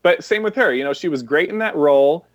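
A man's voice: a little high, lively intonation, fast talker, highs cut off. A man co-hosting a podcast, chatting casually about a movie, with a sarcastic edge and lots of "like" fillers. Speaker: podcast co-host. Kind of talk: casual movie review chat.

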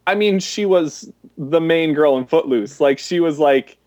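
A man co-hosting a podcast chats about a film in a relaxed review, his voice fairly high, slow and slightly mellow. There's sarcasm in his tone and he leans on "like" constantly.

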